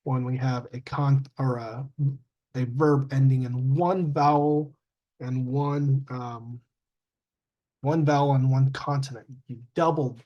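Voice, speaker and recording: A man teaching a grammar lesson, halting with fillers and self-corrections and sounding out word endings. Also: mid-range voice, fairly even intonation, dull audio. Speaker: English teacher.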